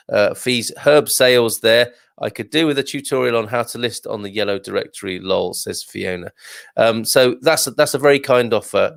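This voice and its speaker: A man's voice: mid-range voice, vocal fry, fairly bright tone, dry recording. A man hosting a casual live show, reading out viewer comments and chatting back in a jokey way with lots of fillers and restarts. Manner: reads viewer comments aloud.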